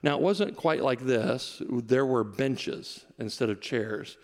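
Male pastor, middle-aged, conversational storytelling sermon, gravelly edge, echoing hall. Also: mid-range voice, slow. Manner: storytelling, self-deprecating and conversational. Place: large church hall. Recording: reverberant church hall.

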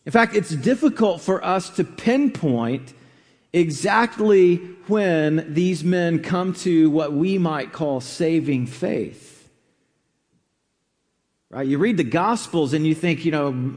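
High-voiced preacher in a reverberant hall. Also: male voice, lively intonation, a little mellow. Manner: conversational, unhurried with fillers and restarts. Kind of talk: sermon.

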